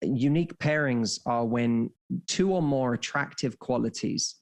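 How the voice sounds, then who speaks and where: Dating coach guest, man, medium pitch, acts out quotes in chat. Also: measured pace, a little mellow. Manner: storytelling, acting out quoted dialogue. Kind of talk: casual podcast conversation.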